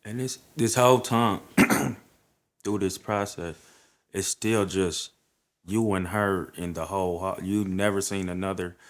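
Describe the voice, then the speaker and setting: A man asking the guest a short follow-up question as interviewer, speaking softly. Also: deep voice, fairly even intonation, a little slow.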